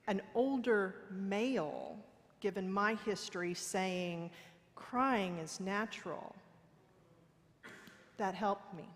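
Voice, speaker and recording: A woman's voice: fairly high pitch, fairly bright tone. A woman preacher giving a sermon in a church, telling a candid personal story with playful self-mockery. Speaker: guest preacher. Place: church sanctuary. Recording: long reverb of a large hall.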